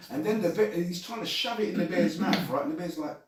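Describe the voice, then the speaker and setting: A man's voice: sits high, fast. A man chatting casually and swearing freely, acting out voices in his stories. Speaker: podcast host. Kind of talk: casual chat. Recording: very echoey room, distant mic, faint noise.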